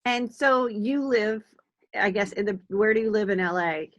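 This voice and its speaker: A woman's voice: mid-range voice, moderate pace, lo-fi sound. A woman in her forties, a comedian hosting a podcast, chatting in a gossipy way with frequent ums. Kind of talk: casual interview chat.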